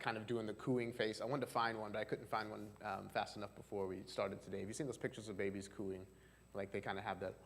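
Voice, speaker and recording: A male marriage and family therapist giving a chatty seminar talk to a live audience, often asking them questions. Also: on the low side. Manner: chatty, asks the audience questions, frequent fillers. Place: church hall. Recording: long hall reverb.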